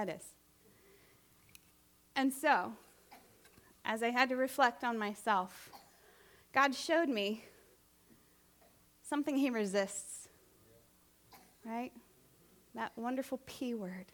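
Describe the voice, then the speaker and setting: Casting: high-pitched woman, lay preacher, chatty and animated, keeps checking in with the congregation. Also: measured pace, pauses often. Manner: conversational, animated, asks the audience questions. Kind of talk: sermon.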